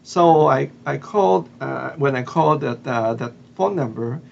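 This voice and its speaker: A man's voice: mid-range voice, expressive, measured pace, creaky, darkish tone, dull audio, slight background noise. A man from the Philippines with a Filipino accent, telling a story casually with lots of fillers and restarts. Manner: hesitant, many fillers and restarts. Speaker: vlogger.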